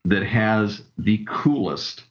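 A man's voice: fairly low pitch, takes it slowly, muffled recording. A man telling stories with enthusiasm as a guest in a casual interview. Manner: enthusiastic storyteller. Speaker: camp director guest.

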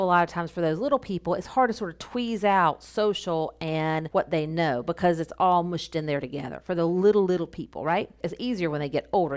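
Lower-voiced woman explaining casually. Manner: explanatory, repeats key points, casual wording. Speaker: speech therapist. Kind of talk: instructional podcast talk.

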